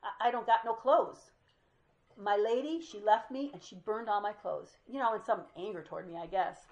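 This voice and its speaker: A woman's voice: medium pitch, normal speed, dull audio, lightly acted. A woman voicing a burly young male ex-con who talks in street slang with Spanish words mixed in. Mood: pleading.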